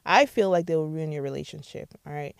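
A woman's voice: sits low, quick pace, creaky, clear, resonant tone, no echo. A woman hosting a podcast, giving casual advice in a chatty way and often checking in with "all right?". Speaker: podcast host.

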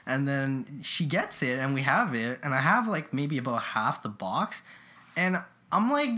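A man's voice: medium pitch, big pitch swings, unhurried, pushed and bright. A young man co-hosting a podcast, telling crude stories in casual chat with many laughs. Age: young adult. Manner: profane storytelling, laughs often. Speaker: podcast co-host.

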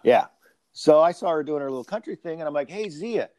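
Male host, rambling storyteller in relaxed chat, dry recording. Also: fairly high pitch, quick pace, dry recording. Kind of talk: casual conversation.

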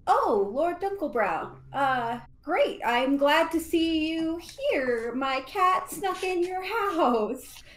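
A woman's voice: high-pitched, animated, slow pace, roomy sound, slight background noise. A young woman playing a tabletop game in character, giggly and casual, with a lisp. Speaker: player.

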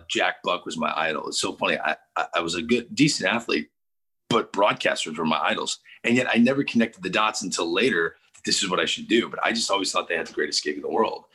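A man in his forties from St. Louis, a sports TV host telling lively stories in a casual interview and acting out the people he quotes. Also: sits low, fairly quick, slightly rough. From St. Louis, USA. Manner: lively storyteller who acts out quoted people.

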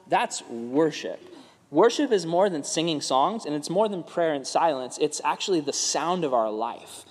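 A young man preaching to a youth group in a relaxed, slangy way. His voice sits a little high, and he often drops into playful crowd voices. The sound carries a long reverb, as in a hall. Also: normal speed. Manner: laid-back, slangy, says "like" often, acts out crowd voices. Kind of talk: casual sermon to a youth group.

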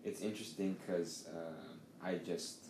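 A man's voice: low-pitched, unhurried. A man hosting a podcast, telling a story in a casual, rambling way with lots of swearing. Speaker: podcast host. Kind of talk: casual conversation. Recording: echoey room with faint noise.

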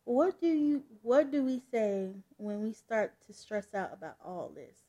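A woman reading as a soothing, gentle mom. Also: on the high side, lively intonation, a little slow, highs cut off. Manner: soft, reassuring. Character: gentle, soothing adoptive mother. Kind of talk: comic book read-aloud.

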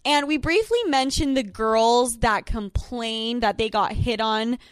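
A woman's voice: a little high, measured pace, smooth, no room sound, studio quality. A young woman co-hosting a podcast in casual chat, frank and gossipy with a knowing eye-roll. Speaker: podcast co-host.

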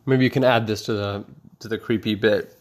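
A man's voice: lowish voice, fairly even intonation, brisk. A man doing rambling, profane stand-up comedy, telling self-mocking stories.

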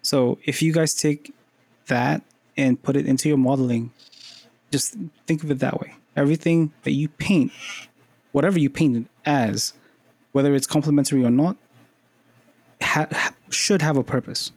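A man with a gravelly, creaky voice, co-hosting a podcast. He talks in a halting way, filling gaps with "uh". The sound is dry and close. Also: mid-range voice, a little mellow, no echo. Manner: halting, full of "uh". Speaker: podcast co-host. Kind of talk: casual podcast chat.

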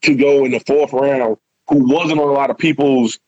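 A middle-aged man, a guest and former football player, telling a rambling, animated story in casual talk and swearing freely. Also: medium pitch, moderate pace, dry recording, highs cut off.

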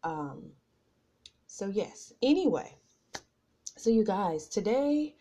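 Middle-aged lady podcasting from her desk, nervous and breathless, slow and mellow, lots of ums. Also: medium pitch, sing-song. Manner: nervous, rambling with many fillers. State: out of breath from nerves. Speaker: podcast host. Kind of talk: casual personal chat. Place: home office at a computer.

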